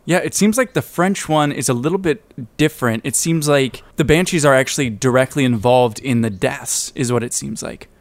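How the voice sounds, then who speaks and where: A man co-hosting a podcast in casual chat, excitable and slangy with plenty of swearing. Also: mid-range voice, normal speed, hardly any pauses, no echo. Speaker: podcast co-host.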